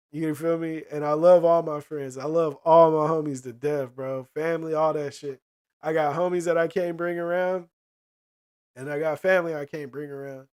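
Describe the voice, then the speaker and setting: A man's voice: on the high side, darkish tone, clean tone. Slangy, cussing man with a raised voice. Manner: slangy and profane, keeps asking "you know what I mean". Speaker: streamer talking to chat. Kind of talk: casual chat.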